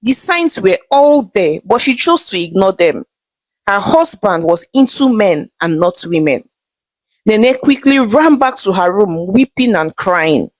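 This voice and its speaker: A woman's voice: medium pitch, sing-song, a little slow, no echo. A woman narrating a scripted folktale in a dramatic storytelling manner.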